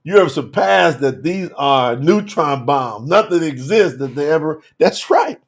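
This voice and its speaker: A man teaching scripture on a livestream, animated and colloquial, who keeps laughing and calling viewers by name. His voice sits high for a man. It swings widely as he speaks. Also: measured pace, slightly rough. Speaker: bible teacher.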